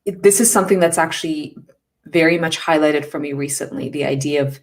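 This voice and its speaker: A woman guest on a podcast, speaking thoughtfully with measured, halting phrasing. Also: low voice. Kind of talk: casual discussion.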